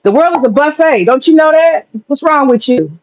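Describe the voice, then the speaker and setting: A woman's voice: high-pitched, lively intonation, normal speed. A woman streaming live, ranting bluntly and profanely to her chat and breaking into laughter often. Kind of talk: casual livestream rant to chat. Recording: dull lo-fi sound with faint noise.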